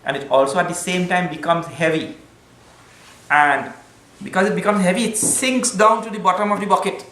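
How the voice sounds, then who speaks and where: A man gives a spiritual talk in a relaxed, conversational way, mixing in Sanskrit words and light jokes. His voice sits a little high. The hall around him echoes. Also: normal speed. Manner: conversational, with Sanskrit terms and gentle humor. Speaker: spiritual teacher. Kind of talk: spiritual discourse.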